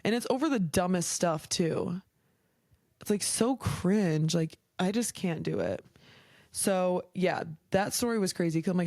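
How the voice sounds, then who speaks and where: A woman's voice: lowish voice, a little slow, a little mellow, no room sound. A young woman hosting a podcast, chatting casually and frankly, heated and swearing often, with a lot of "like". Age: young adult. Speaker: podcast host. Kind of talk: casual chat.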